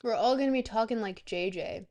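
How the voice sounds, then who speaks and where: Woman, streamer, casual rambling chat, swears, slightly high pitch. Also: brisk, darkish tone. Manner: goofy, rambling, swears freely.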